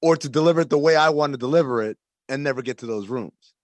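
A man with a mid-range voice talks at a quick pace in casual conversation, with no echo. He earnestly explains his views, making his points through analogies.

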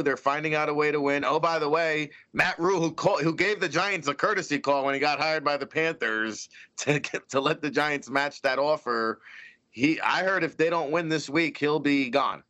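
Sports talk co-host, a man with a bright, forceful voice and punchy, opinionated delivery. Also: a little high.

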